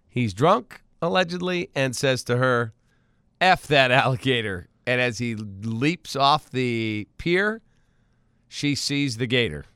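Wisecracking radio host man, smooth voice. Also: mid-range voice, pushed and bright, no room sound, clean studio sound. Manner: wisecracking, laughs easily. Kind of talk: casual morning radio banter.

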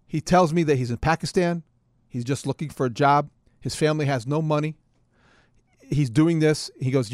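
A man's voice: fairly high pitch, moderate pace, long pauses, darkish tone, no echo, clean studio sound. A middle-aged man co-hosting a casual chat, telling a story animatedly and acting out both sides of a phone call. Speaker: co-host.

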